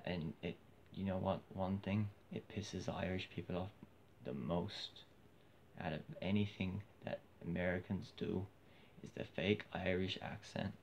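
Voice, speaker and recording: Hoarse, gravelly deep-voiced Australian man. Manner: rambling, frequent restarts and fillers. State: hoarse, losing his voice. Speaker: vlogger. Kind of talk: casual rambling monologue. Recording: dull lo-fi with faint hiss.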